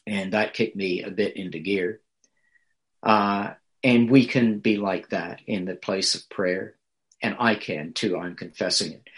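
A male pastor preaching a sermon in a measured, earnest way, pausing often with small fillers. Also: lowish voice.

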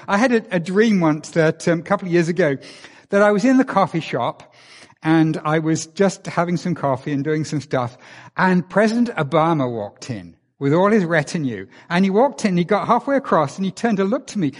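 Male preacher, slightly high voice, informal, rhetorical questions, long hall reverb. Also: expressive, brisk. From England. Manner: informal, asks the listeners many rhetorical questions. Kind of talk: conversational sermon.

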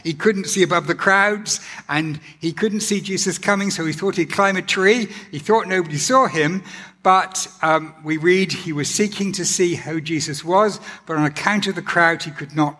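A man preaching a sermon in an earnest, gentle way, often pausing with ums and restarting his sentences. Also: a little high, breathy edge. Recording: long hall reverb.

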